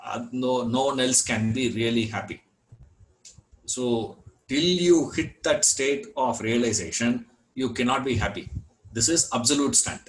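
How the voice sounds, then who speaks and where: A man teaching a scripture class, unhurried, repeating words and filling gaps with "you know". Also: mid-range voice, slight background noise, low-quality recording. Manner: chants Sanskrit verse. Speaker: Vedanta teacher.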